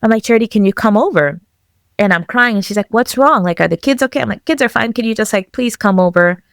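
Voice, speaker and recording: A woman's voice: medium pitch, quick pace, vocal fry, no echo, clean studio sound. Woman telling a personal story with feeling. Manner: animated, acts out dialogue in quotes. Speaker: podcast guest.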